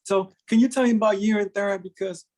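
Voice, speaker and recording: A man from Miami hosting a podcast, animated and joking, often laughing as he talks. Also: high voice, fast talker. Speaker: podcast host. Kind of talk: casual podcast conversation.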